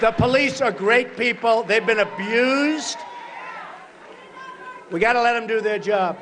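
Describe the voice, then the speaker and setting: A man in his sixties giving a campaign rally speech at a podium, repeating short punchy phrases and breaking into shouts. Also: extremely high pitch, measured pace, a crowd in the background, background noise. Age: 60s. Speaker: political candidate at a rally. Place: large rally venue.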